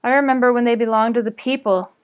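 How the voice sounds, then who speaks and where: A woman reading aloud, voicing a burly male ditch digger who talks in a plain, measured way. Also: fairly high pitch, steady tone, clean tone, muffled recording, natural voice. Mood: musing. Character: burly middle-aged male ditch digger, gruff and steady.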